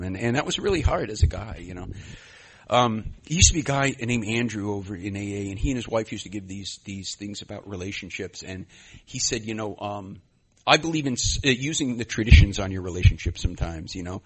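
A man giving a personal share at a recovery meeting, rambling and self-deprecating, with many fillers and sudden loud bursts. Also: on the low side, lively intonation, a little fast, husky. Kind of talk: personal share, conversational storytelling.

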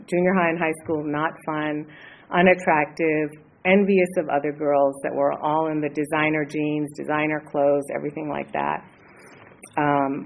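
A woman in her late fifties, from the Los Angeles area, sharing her story at a recovery meeting, hesitant and earnest with many pauses. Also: low voice, rough recording. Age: 50s. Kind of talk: personal share at a support meeting.

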